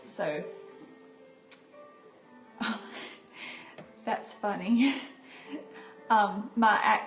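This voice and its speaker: A woman from North Carolina chatting casually with livestream viewers from home on a handheld phone, often laughing as she talks. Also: medium pitch. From North Carolina, USA. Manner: chatty and unhurried, laughs often while talking. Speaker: livestream host. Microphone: phone or tablet held by the speaker. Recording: roomy livestream phone audio.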